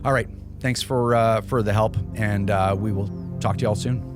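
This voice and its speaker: A man's voice: fairly low pitch, fairly even intonation, moderate pace, over music. Heated sarcastic man. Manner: heated, sarcastic, mocks officials in put-on voices. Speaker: host. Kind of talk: casual political commentary.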